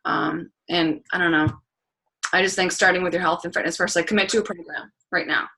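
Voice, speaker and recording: A woman with a fairly low yet bright, forward voice hosts a motivational group call. She talks casually and bluntly, leaning on "like" and the occasional curse word. Her voice comes through a video call connection. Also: fairly even intonation, fairly quick. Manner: candid, blunt, frequent "like" and swearing. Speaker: fitness and business coach hosting a group call.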